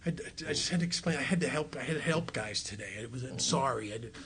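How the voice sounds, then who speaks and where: A man's voice: medium pitch, animated, quick pace, crowd noise. A man giving a folksy story talk at a recovery retreat, acting out the voices of the people he quotes.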